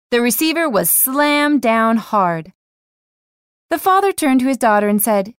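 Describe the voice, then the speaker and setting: Lively, bright-voiced woman telling a joke. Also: mid-range voice, measured pace, smooth, dry recording, clean studio sound. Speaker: storyteller.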